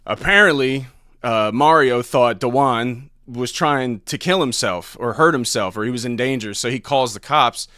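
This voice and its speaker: A man's voice: mid-range voice, normal speed, bright, forceful tone, smooth, no echo, clean studio sound. A man who does stand-up, telling a story as a podcast guest in a laid-back, profane way. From Ohio. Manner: laid-back, profane, laughs between lines. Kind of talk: casual storytelling.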